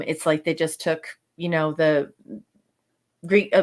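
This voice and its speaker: A woman co-hosting a podcast, chatting casually through a review, halting with frequent fillers and restarts. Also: on the low side. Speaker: podcast co-host. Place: lives in Canada.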